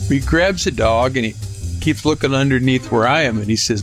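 Older man, casual storyteller, restarts, lively, faint music underneath. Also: medium pitch, fairly quick. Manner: rambling with restarts, lively retelling. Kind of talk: personal anecdote.

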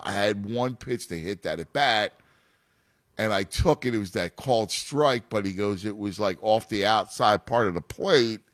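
A man's voice: lowish voice, dry recording, clean studio sound. A man in a casual chat about his son's baseball, rambling with many restarts. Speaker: youth baseball father and coach.

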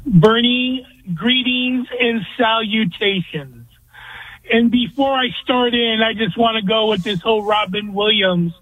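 A male caller on a tinny phone line, with a very high pitch and a husky, dry sound. He rants bluntly about sports. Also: unhurried, no echo. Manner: blunt, ranting. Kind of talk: call-in sports radio opinions.

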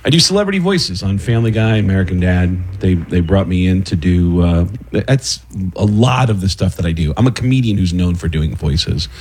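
Man, husky voice, animated storytelling comedian, casual interview chat. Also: sits low, normal speed, few pauses. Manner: animated storyteller who slips into impressions. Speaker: guest comedian.

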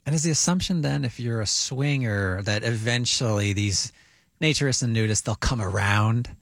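A man's voice: medium pitch, normal speed, creaky, a bit bright, dry recording, clean studio sound. A man co-hosting a morning radio show, asking long probing questions. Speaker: radio co-host.

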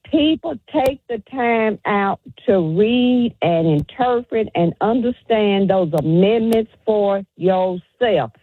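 A woman's voice: medium pitch, expressive, slow pace, hardly any pauses, husky, no echo. A woman calling into a radio show, firm and emphatic, repeating her points. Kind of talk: call-in radio opinion. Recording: tinny phone line.

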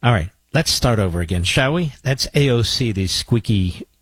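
Male talk radio host, sarcastic and combative, husky close-mic studio voice. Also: medium pitch, expressive, a little fast, fairly bright tone, no room sound. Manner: sarcastic, mocking asides to his producer. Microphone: studio microphone.

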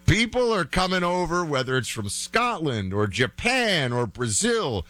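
A man's voice: a little high, sing-song, a little slow, fairly bright tone, no room sound. A man hosting a talk show, giving chatty, opinionated commentary full of fillers and restarts.

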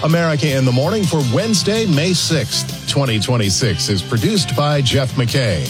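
A man's voice: mid-range voice, normal speed, over music. A man anchoring a radio news program, reading headlines and introducing reports. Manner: lively anchor delivery. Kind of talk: radio newscast.

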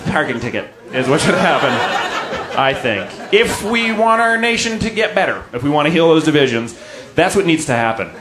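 A man's voice: on the high side, normal speed, background noise. Wry stand-up man in a roomy club. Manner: deadpan and wry, breaking into laughs. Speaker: stand-up comedian. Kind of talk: stand-up set.

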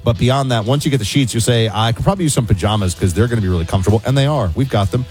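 Male talk radio co-host, quick joker, also reads sponsor spots. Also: medium pitch, darkish tone, faint music behind. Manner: wisecracking, teasing.

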